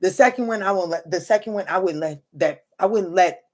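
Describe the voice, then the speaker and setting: A woman's voice: on the low side, brisk, darkish tone. A woman, a mother, hosts a casual tarot livestream and talks straight to her viewers. She speaks bluntly and swears freely, calling her listeners "honey" and "baby". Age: adult mother. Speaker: tarot reader.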